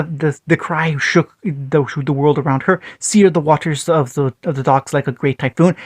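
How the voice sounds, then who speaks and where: A man's voice: fairly high pitch, no echo. A man reading a fan fiction story aloud, often stumbling and restarting words.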